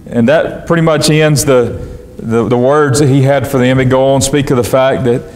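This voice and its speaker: A man's voice: medium pitch, steady tone, moderate pace, darkish tone. A man preaching a sermon as pastor, reading scripture in old-fashioned wording and restarting phrases as he goes. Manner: preaching in King James wording with frequent restarts. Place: church sanctuary. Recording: long church reverb.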